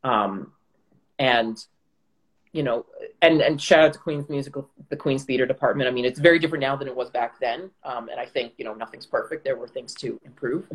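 Speaking briskly in a mid-range voice over a low-quality recording, a young actor from Canada reflects casually during a video-call chat. His speech is full of fillers and restarts.

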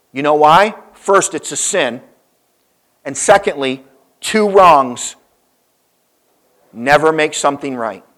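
A man preaches to his congregation, telling a story with pauses and sudden emphasis. His voice sits a little high for a man. He pushes up loud on key points, then falls soft and low. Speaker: pastor. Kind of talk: sermon.

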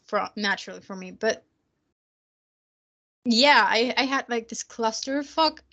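A fairly high-voiced German woman tells stories in relaxed chat. She speaks English with a slight German accent and laughs often. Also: a little slow, creaky. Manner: chatty storyteller, laughs often. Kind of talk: casual chat.

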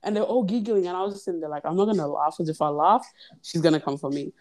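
Rapid-fire and fairly low-pitched, a young woman guest on a podcast delivers a long story in easygoing chat. She animatedly imitates other people's quoted voices while children are heard behind her.

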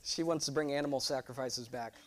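A young man preaching a sermon, animated and joking, drawing responses from his congregation. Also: mid-range voice, fast, crowd noise. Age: 20s. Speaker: pastor.

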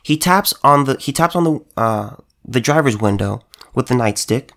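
A man's expressive, medium-pitched, somewhat bright voice carries a heated political commentary at a moderate pace. He talks emphatically, repeating lines and restarting his phrases as he stumbles along.

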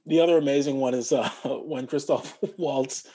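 A man from Montreal, an actor and guest in a casual interview, telling stories in an animated way and mimicking other people's voices. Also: medium pitch, moderate pace, slightly rough. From Montreal, Canada.

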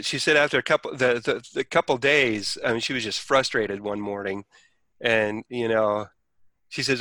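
A man's voice: medium pitch, bright, forceful tone, dry recording. A man telling a personal story in casual conversation, rambling with many restarts and acting out quoted speech.

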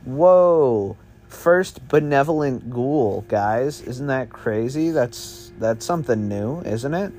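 A man's voice: medium pitch, expressive, slow pace, darkish tone, slight background noise. A man making up a spooky story as he goes, in a meandering, offhand, slangy way. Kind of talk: improvised spooky story narration.

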